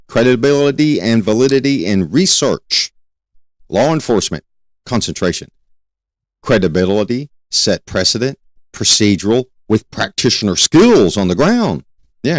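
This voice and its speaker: A man's voice: on the low side, no echo. A man hosting a criminal justice lecture, talking emphatically, repeating key points and asking rhetorical questions. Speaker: criminal justice educator and show host. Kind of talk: spoken lecture to students.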